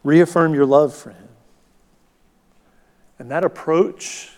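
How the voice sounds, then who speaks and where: Brief: middle-aged man, pastor giving a sermon, slightly high voice, long church reverb. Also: takes it slowly, a little mellow.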